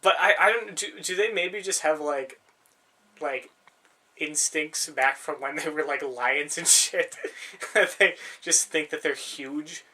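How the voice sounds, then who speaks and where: A man's voice: a little high, slow pace, bright, forceful tone. A young man co-hosting a podcast in casual chat, rambling and swearing freely, laughing often. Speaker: podcast co-host.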